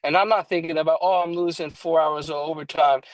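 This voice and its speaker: A man's voice: fairly high pitch, fairly even intonation, a little fast, no room sound, rough recording. A man co-hosting an online recovery book study, talking casually and emphatically, swearing now and then and restarting his sentences. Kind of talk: casual online meeting talk.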